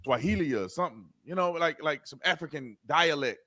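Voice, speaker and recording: A man comments in a mocking, animated way, stumbling over repeated words. His voice sits somewhat high for a man. The sound is dry. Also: a little fast, dry recording. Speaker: commentator in played clip. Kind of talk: casual commentary.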